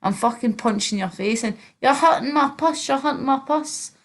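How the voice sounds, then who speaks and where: A woman mimicking a crude, quarrelsome Dundee local who shouts and swears. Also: sits high, moderate pace, voice pushed up. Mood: belligerent.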